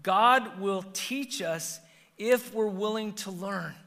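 A middle-aged man preaching a sermon as pastor, swinging between loud emphatic peaks and quiet, low passages. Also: slow, creaky. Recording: long hall reverb.

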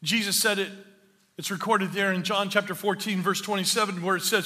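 A man's voice: sits high, steady tone, brisk, pushed and bright. A man preaching a sermon in a church hall, telling a funny story about himself and then building to emphatic preaching. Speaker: pastor.

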